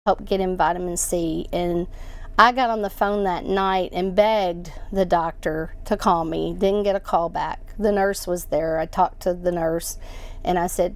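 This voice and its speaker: A woman giving a personal account as an interview guest, halting and emotional, with many restarts. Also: lowish voice, fairly even intonation.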